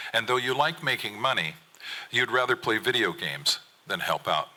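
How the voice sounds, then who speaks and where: A man's voice: lowish voice, sharp tone, rough recording. A fisherman reading a true personal story aloud on a theater stage, in an earnest, plain manner.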